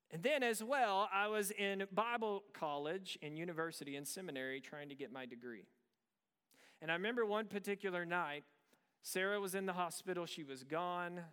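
High, smooth-voiced man preaching in a hall. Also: fairly bright tone. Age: 30s. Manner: conversational storytelling with rhetorical questions. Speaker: pastor. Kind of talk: sermon.

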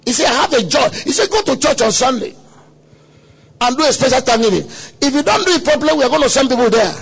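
A man preaching a sermon at a conference, telling a story dramatically with quoted voices and sudden shouts. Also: very high voice, lively intonation, quick pace, gravelly, husky. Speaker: pastor. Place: conference hall.

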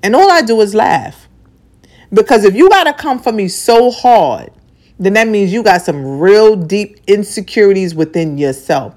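Woman, forties, candid monologue, outspoken, profane, emphatic repetition, soft asides. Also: medium pitch, animated, moderate pace. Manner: swings between soft and punchy delivery. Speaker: radio personality.

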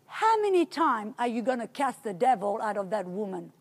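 A calm divine voice corrects the listener softly and slowly, as a woman preacher puts it on. It stays gentle and high, never raised. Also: full character voice. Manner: quiet, slow and gentle.

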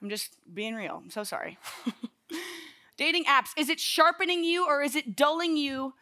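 A woman's voice: high voice, animated, measured pace, bright, forceful tone. A young woman giving a casual, chatty sermon in a packed church hall, laughing at her own stories. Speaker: young adults speaker.

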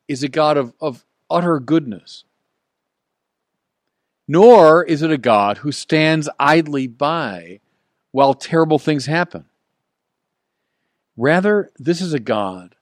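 A man preaching a sermon at an unhurried, deliberate pace. His delivery is earnest and emphatic, and he lifts his voice to drive points home. The recording is close and dry. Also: mid-range voice, expressive, no echo. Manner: earnest, emphatic, with rising emphasis and soft chuckles.

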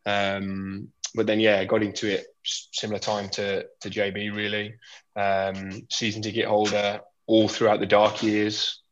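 A man's voice: fairly low pitch, monotone, a little slow, muffled recording, slight background noise. A man, a guest on a football podcast, easygoing and hesitant, with many ums. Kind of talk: casual football podcast chat.

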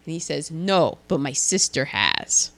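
A woman chatting about a movie, animated and playful, acting out jokes and quotes. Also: measured pace, vocal fry. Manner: animated, acts out jokes with big pitch swings. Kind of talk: casual movie recap chat.

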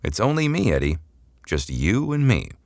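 A man's voice: on the low side, wildly swooping pitch, normal speed, vocal fry, a little mellow, no echo, studio quality, voice pushed up, exaggerated voice. A man voicing a cool, glib female imperial agent who interrogates a prisoner in a mock-casual way that turns cold and matter-of-fact. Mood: glib, taunting.

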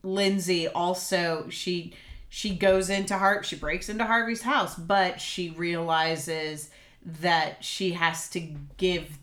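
Woman podcast host, low voice, unhurried, musing delivery, casual film discussion. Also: fairly even intonation, fairly bright tone. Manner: slow, thoughtful, with many fillers.

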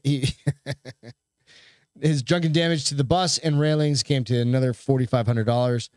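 A man's voice: medium pitch, fairly even intonation, moderate pace, a little mellow, dry recording. A man co-hosting a podcast, reading a news story aloud in a loose, joking way. He swears freely and stumbles over the text now and then. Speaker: podcast co-host.

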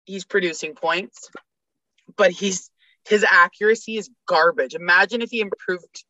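A woman rants about sports and rattles off statistics in a bright, forceful voice. The recording is dry and slightly dull. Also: lowish voice, moderate pace, dry recording. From Canada. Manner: fired-up ranting, rattling off stats. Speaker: podcast guest. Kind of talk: casual sports chat.

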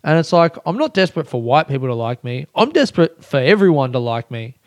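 A young man, a comedian, rambling through a casual podcast monologue, swearing a lot and breaking into loud rants. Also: fairly high pitch, sing-song, quick pace, dry recording, clean studio sound. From Australia. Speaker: stand-up comedian.

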